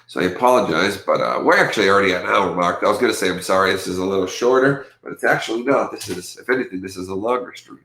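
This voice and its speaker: Man, livestream host, casual rambling chat, stuffy from allergies, lowish voice, roomy echo. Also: fast, few pauses. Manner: rambling, animated when quoting others. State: allergies acting up.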